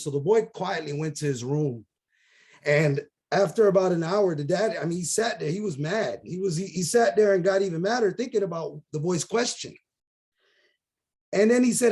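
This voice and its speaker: Guy with a higher voice on a video call, earnest motivational storytelling, does little voices for the characters. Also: moderate pace, darkish tone. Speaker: team member.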